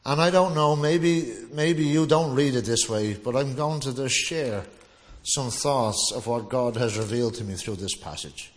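A man delivers a sermon in an easy, chatty manner, with a pitch that sits right in the middle for a man. He drifts into anecdotes and sometimes acts out the voices of the people he quotes. His voice rings out with a long echo, as if recorded in a big church hall. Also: a little slow. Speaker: preacher. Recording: long reverb of a large hall.

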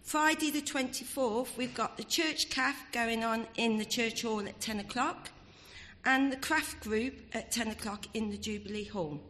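A woman with a slightly high voice reads the weekly notices at a church service. She is informal and trips over names. The church adds a long reverb to her voice. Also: a little slow, fairly bright tone.

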